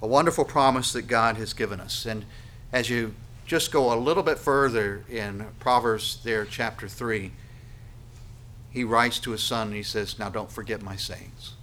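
A man preaching a sermon on scripture, earnest and emphatic, with dramatic pauses and little acted asides. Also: mid-range voice, pushed and bright, slight background noise. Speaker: pastor.

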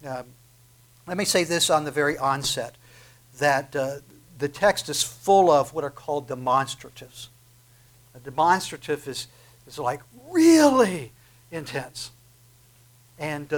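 Brief: male preacher, fervent sermon, fairly high voice, builds to emphatic peaks. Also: a bit bright. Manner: fervent, swells to emphatic peaks, frequent restarts.

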